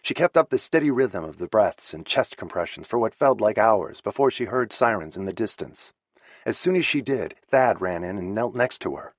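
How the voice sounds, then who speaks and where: A man narrating an audiobook in a measured, somber reading. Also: lowish voice, animated, dry recording. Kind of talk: scripted narration. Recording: slightly muffled dry studio recording.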